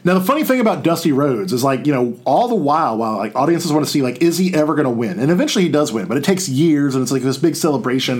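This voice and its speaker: A man's voice: fairly high pitch, darkish tone. A man giving a casual, conversational lecture over slides, often repeating a line for emphasis.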